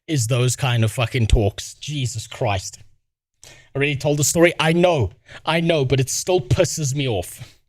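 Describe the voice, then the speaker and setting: A man's voice: mid-range voice, a little slow, no echo, studio quality. A man in his thirties with a South African accent, telling an exasperated, profane story to his stream chat. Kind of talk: casual ranting to stream chat.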